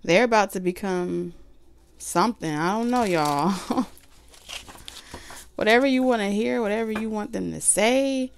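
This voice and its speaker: A woman's voice: medium pitch, a little slow, vocal fry, pauses often, a little hiss or hum. A woman doing a casual tarot reading, chatty and full of fillers, who says she is losing her voice. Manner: chatty, loose and repetitive with many fillers. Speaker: tarot reader.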